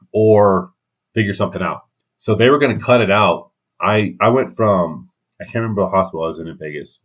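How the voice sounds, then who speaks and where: A man, a podcast guest, telling a candid story in casual talk, swearing now and then. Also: deep voice.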